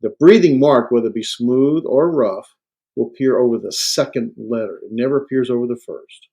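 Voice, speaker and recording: A man lecturing on Greek to a class, halting and full of fillers and self-corrections. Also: medium pitch, gravelly, mellow, slightly rough. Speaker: Greek instructor.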